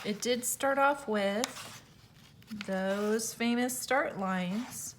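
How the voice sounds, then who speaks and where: A woman's voice: fairly high pitch, very slow, background noise. Woman teacher reading a fairy tale aloud. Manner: expressive, with small slips and self-corrections.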